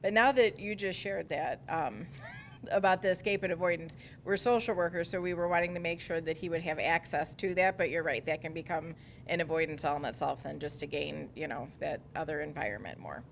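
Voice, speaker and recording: A female social worker speaks in a low, soft voice over a faint background rumble. She shares her group's ideas at a workshop and sounds a bit apologetic. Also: brisk, vocal fry.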